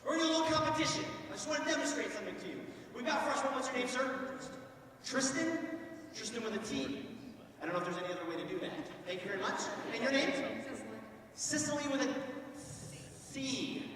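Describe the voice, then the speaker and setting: A man's voice: extremely high pitch, fast. A man giving a joking, sarcastic motivational talk at a school assembly, playing to the students. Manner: joking, sarcastic, animated with the crowd. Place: school gym or auditorium. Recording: echoey hall from far off.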